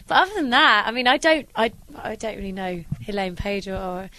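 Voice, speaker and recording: A woman's voice: mid-range voice, animated, fairly quick, sharp tone, dry recording. A young British woman, a stage actress, answering interview questions in a chatty, upbeat way with many restarts. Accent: British English. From England. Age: young adult.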